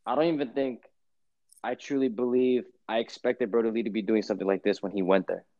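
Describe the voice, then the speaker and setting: A man's voice: fairly low pitch, fairly even intonation, fairly quick, dry recording, muffled recording. Slangy New York guy, rambling chat. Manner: rambling, slangy, repeats himself, laughs often. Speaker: podcast co-host. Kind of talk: casual chat.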